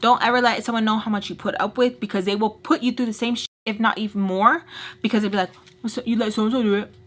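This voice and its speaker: A young woman telling a dramatic story while doing her makeup, acting out what people said, shifting from hushed asides to loud outbursts. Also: fairly high pitch, quick pace. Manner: expressive storyteller, acts out quotes, switches loud and soft. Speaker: beauty vlogger telling a story.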